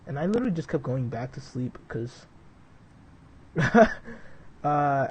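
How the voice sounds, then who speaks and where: A young man in casual live-stream chat, wandering from flight checks to talk with his viewers. His voice is warm and mellow at an ordinary middle pitch. He rambles loosely, leaning on "dude" and "like". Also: lively intonation, brisk, husky, low-quality recording.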